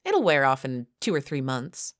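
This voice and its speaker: A woman's voice: extremely low pitch, wildly swooping pitch, moderate pace, no room sound, studio quality, exaggerated voice. A woman voicing a sneering young woman who gleefully taunts her victim, in an audiobook. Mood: taunting. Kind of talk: audiobook character voice.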